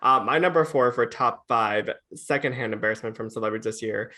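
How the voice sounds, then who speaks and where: A man co-hosting a podcast in casual chat, animated and gossipy, leaning on "like" a lot. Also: medium pitch, a little fast. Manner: animated, gossipy, heavy use of "like". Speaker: podcast co-host.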